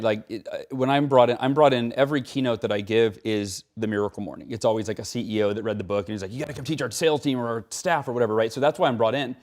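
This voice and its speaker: A man as a guest in an interview, speaking in an animated, conversational way, acting out quotes and often tagging his sentences with "right?". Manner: animated, acts out quotes with rising pitch; frequent "right?" tags.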